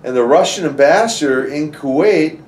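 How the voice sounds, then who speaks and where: A former wrestler appears as an interview guest, telling stories conversationally in a fairly high-pitched voice at a moderate pace. He's animated, restarts often and says "you know" a lot, recorded somewhat distant from the mic in a roomy space.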